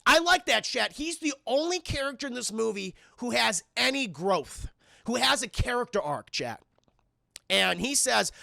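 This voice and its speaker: Animated high-voiced man reviewing a film. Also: normal speed, gravelly, dry recording, clean studio sound. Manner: animated, swearing, doing silly character voices. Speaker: streamer reviewing a film with his chat. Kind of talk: casual film review chat.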